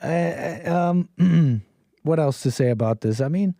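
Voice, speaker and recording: A man hosting a call-in livestream, chatting loosely to his audience with lots of fillers and restarts. His voice sits a bit high and sounds dry and close to the mic. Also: expressive, unhurried, warm tone, no room sound. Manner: meandering, full of fillers and restarts, laughs often. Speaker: livestream call-in show host. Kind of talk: casual rambling monologue to chat.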